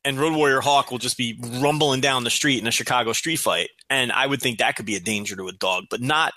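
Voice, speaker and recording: A man's voice: medium pitch, brisk, sharp tone, no echo. A man co-hosting a podcast, chatting casually with dry, joking remarks. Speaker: podcast co-host.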